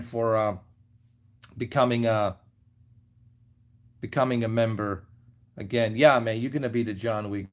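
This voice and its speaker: A man hosting a casual livestream from his lounge at home, rambling loosely with lots of fillers and trailing asides. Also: on the low side. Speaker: livestream host.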